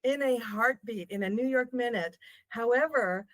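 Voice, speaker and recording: An older woman, a travel writer, telling stories as a podcast guest in a lively, laughing manner. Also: fairly high pitch, moderate pace. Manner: animated, laughing storyteller. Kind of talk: storytelling in a podcast interview.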